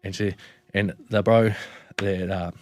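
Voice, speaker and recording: A man's voice: low voice, steady tone, a little slow, no room sound. A young man with a New Zealand accent, a podcast guest telling a personal story in a laid-back way, swearing and calling people "bro". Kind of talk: casual storytelling.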